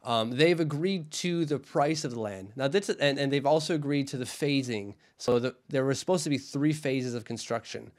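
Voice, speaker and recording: A man's voice: medium pitch, normal speed, hardly any pauses. A man co-hosting a casual hockey podcast, chatty and jokey. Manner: chatty, jokey, slips into goofy put-on voices. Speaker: podcast co-host.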